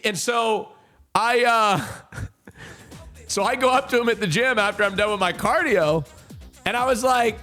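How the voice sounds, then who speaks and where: A man's voice: high-pitched, measured pace, pauses often, sharp tone, soft background music. A man live-streaming, telling stories to his chat in a casual, profane way, repeating himself and checking in with his viewers. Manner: profane, repetitive storytelling addressing chat. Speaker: livestreamer.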